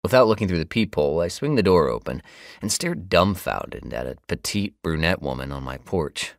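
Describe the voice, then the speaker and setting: A man's voice: deep voice, very animated, normal speed, no room sound. A man narrating a romance novel in the first person, easygoing and wry. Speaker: audiobook narrator. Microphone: close studio mic. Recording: dry studio booth.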